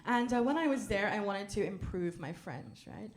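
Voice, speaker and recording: Deadpan woman doing stand-up. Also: normal speed. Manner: deadpan delivery, bursts into loud, high mock-French theatrics. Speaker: stand-up comedian. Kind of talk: stand-up set with crowd work. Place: comedy club stage with a laughing audience.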